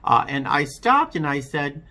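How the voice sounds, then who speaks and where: A man telling his own story in a personal testimony vlog, candid and wry, often halting and restarting his sentences. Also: fairly high pitch, sing-song, sharp tone.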